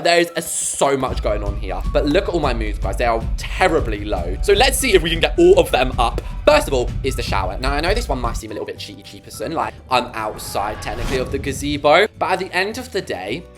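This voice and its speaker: A woman's voice: very deep voice, sing-song, fast, hardly any pauses. A woman chatting bubbly and casually to her viewers while building in a game. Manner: chatty, bubbly, talks to chat. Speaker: gaming YouTuber. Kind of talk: casual gameplay commentary. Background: background music.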